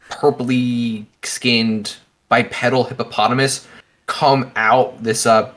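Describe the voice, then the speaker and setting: A man running a tabletop game on a livestream, his voice bright and forward. He narrates the scene loosely and casually, packing it with fillers as he goes. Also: mid-range voice. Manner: descriptive, with many fillers like "like". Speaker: game master.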